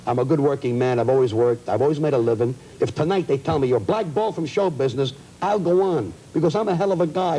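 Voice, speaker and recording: A man's voice: on the high side, mellow, breathy edge, rough recording. A man, a comedian, complaining indignantly in a heated talk show interview. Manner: indignant, ranting, rapid-fire complaints. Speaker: comedian guest. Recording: old broadcast audio.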